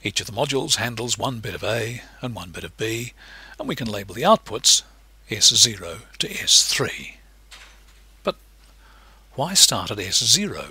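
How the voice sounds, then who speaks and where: A man explains a lesson in a patient, teacherly way. His voice is low-pitched yet very bright and husky. The recording is close and dry. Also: big pitch swings, normal speed, dry recording. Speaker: lecturer. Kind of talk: recorded lecture narration.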